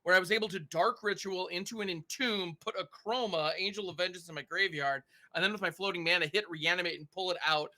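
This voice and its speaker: Bright, enthusiastic man telling stories. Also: sits high, quick pace, hardly any pauses. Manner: enthusiastic, animated storytelling. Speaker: podcast co-host. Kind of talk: casual podcast chat.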